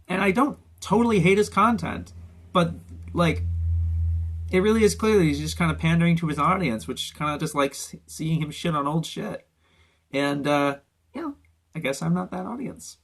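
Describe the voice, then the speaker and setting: A male commentator rants his way through a review show, unscripted and loose. His voice sits a little high, and he swears freely and slips into mocking quotes of other creators. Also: a bit bright. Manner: ranting, profane, mocking impressions. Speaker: anime YouTube commentator.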